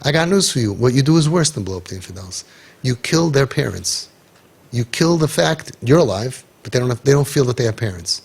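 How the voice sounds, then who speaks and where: Gravelly, husky man lecturing parents. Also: mid-range voice, lively intonation, fairly quick. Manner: forceful, sarcastic, peppered with Hebrew and Yiddish terms. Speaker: parenting guide. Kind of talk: impassioned talk to parents.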